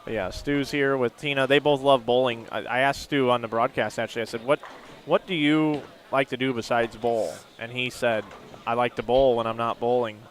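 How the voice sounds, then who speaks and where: The lead bowling commentator, a man with a mid-range voice and flat, brisk delivery, calls live play-by-play from a commentary booth at a bowling center. He is chatty and tends to ramble into anecdotes.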